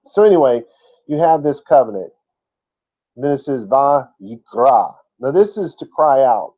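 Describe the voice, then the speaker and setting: A man's voice: medium pitch, lo-fi sound. A man teaching a word-by-word scripture lesson in a folksy, chatty way, with asides. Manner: folksy and chatty, laughs at his own asides. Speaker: Bible teacher.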